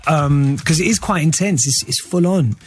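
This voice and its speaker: Laid-back man with husky voice. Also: fairly high pitch, moderate pace. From London. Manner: relaxed, slangy, many "you know" and "kind of" fillers. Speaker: actor guest. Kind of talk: casual radio interview chat.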